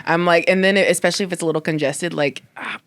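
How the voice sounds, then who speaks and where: A woman co-hosting a casual podcast, telling animated, swearing stories and mimicking others. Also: on the low side, fast talker, smooth. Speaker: podcast co-host. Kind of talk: casual chat.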